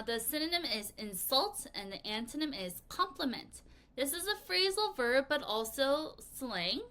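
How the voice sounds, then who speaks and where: A woman teaching English vocabulary in a lesson video, with a bright, clear voice pitched a little high. She keeps the delivery playful and expressive and has learners repeat each word back to her. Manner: playful, expressive, leads choral repetition.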